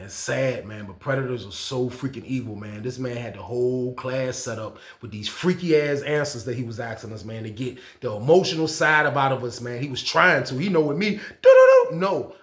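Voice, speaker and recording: A man telling a prison story in casual slang, acting out the people he quotes with loud shouts. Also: mid-range voice, reverberant.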